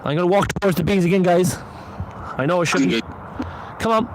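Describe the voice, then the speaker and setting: A man's voice: high-pitched, fairly quick, background noise. A man working as a paranormal investigator, calling out to spirits outdoors at night near beehives and talking to his chat in a coaxing, repetitive way.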